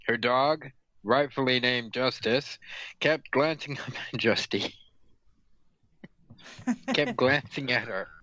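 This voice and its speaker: A man's voice: medium pitch, takes it slowly, long pauses, sharp tone, dry recording. A man reading fan fiction aloud for laughs, stumbling over words and correcting himself. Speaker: reader and host. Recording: dull lo-fi audio, dry room.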